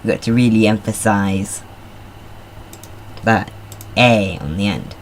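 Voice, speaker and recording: A man's voice: fairly low pitch, takes it slowly, a little hiss or hum. A man giving casual, rambling commentary while playing a car design game. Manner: rambling, chatty, self-deprecating asides. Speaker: gamer.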